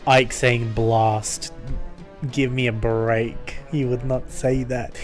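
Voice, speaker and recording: A man's voice: medium pitch, little pitch movement, slow pace, faint music behind. A man streaming a game and making self-deprecating, joking asides. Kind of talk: casual commentary on a game stream.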